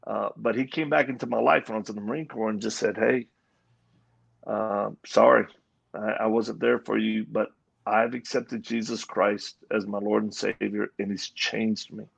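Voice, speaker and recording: A man's voice: lowish voice, fairly even intonation, moderate pace, creaky, husky. A man giving his personal testimony as an interview guest, earnest and acting out the voices in his story. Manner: earnest storyteller, acts out quoted dialogue. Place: live event at a Christian coffee house.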